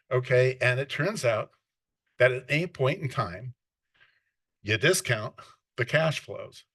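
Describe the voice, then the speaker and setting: Male lecturer, classroom talk, mid-pitched voice, self-correcting, restarts often, dry close sound. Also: a bit bright, no room sound.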